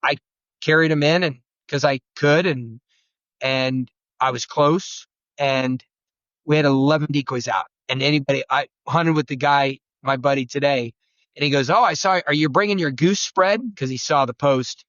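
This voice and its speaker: A man who is a guest turkey-hunting expert, telling rambling, animated stories and acting out quotes. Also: mid-range voice, moderate pace, dry recording, dull audio. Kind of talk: storytelling conversation.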